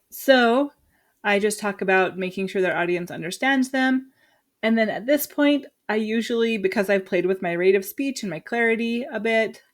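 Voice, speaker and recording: A woman in her thirties, a drama teacher, chatting through her lesson plans from home, often stopping herself and laughing at her own slips. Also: on the high side. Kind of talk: walkthrough of a teaching unit.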